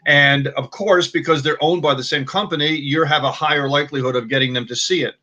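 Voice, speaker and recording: A man's voice: fairly high pitch, moderate pace, bright, forceful tone. A man co-hosting a live marketing broadcast, talking casually with frequent restarts and repeated words. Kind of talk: casual live-stream chat.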